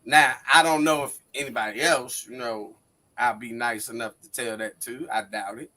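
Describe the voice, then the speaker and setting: A man's voice: medium pitch, steady tone, normal speed, pushed and bright. A man in his forties on a wrestling panel, bantering dramatically and preaching in a mock-wounded tone.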